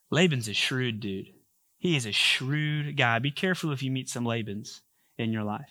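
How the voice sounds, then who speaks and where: A man's voice: mid-range voice, a little fast, pushed and bright, dry recording, studio quality. A male pastor giving a sermon in a humorous, conversational way with joking asides.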